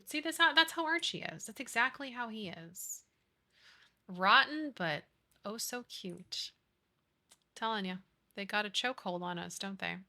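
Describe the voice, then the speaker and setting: A woman streamer in casual live-stream chat as she plays, gushing over whatever she sees. Her voice is very bright and sharp, with sudden gasps and cutesy baby talk. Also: medium pitch, animated, a little slow, long pauses. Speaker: game streamer.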